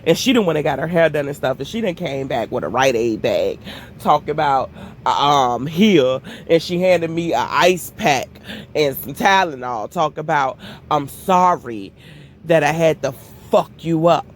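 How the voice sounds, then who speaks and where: A woman telling a casual storytime vlog while walking, animated and profane, often calling her viewers "y'all". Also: sits low, normal speed, a little hiss or hum. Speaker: storytime vlogger.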